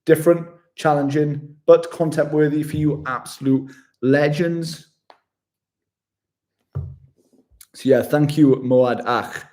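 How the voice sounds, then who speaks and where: A man's voice: on the high side, fairly even intonation, slow, pauses often, darkish tone. A man, chatting casually with viewers on a live travel stream, upbeat and chummy, calling them mate. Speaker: travel vlogger. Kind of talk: casual livestream chat with viewers.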